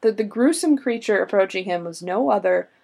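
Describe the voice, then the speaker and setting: A woman's voice: medium pitch, lively intonation, brisk, gravelly, dark tone, breathy edge. A woman chatting casually with friends and reading a folklore account aloud dramatically, often breaking into laughter.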